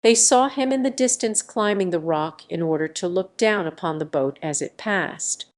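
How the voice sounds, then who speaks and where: A woman narrating a classic adventure novel as an audiobook, reading in an even, measured way. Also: fairly low pitch. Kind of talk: scripted narration.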